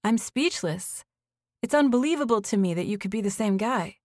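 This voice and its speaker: A woman's voice: mid-range voice, lively intonation, normal speed, a little mellow, no room sound, clean studio sound, voice pushed up, natural voice. A woman narrator voicing a nervous, breathless woman in her thirties who rambles on a phone call, read as audiobook dialogue. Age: 30s.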